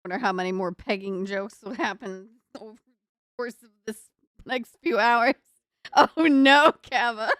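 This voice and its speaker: Giggly streamer woman, slightly high voice. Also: measured pace, fairly bright tone, no echo, clean studio sound. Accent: northern US with a Southern US tinge. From northern US. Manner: giggly, laughs often, rambling self-talk. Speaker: livestreamer. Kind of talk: casual live-stream chat while building. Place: home computer desk.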